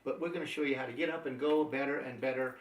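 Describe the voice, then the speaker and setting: A man's voice: mid-range voice, steady tone, fast talker. A man giving an upbeat, emphatic motivational training talk on network marketing. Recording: echoey room, mic at a distance.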